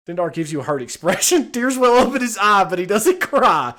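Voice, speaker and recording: A man's voice: high-pitched, big pitch swings, fairly quick, few pauses, fairly bright tone. An American man streaming a text adventure game, giving casual, rambling commentary full of swearing and laughter. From United States. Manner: rambling, profane, laughs often.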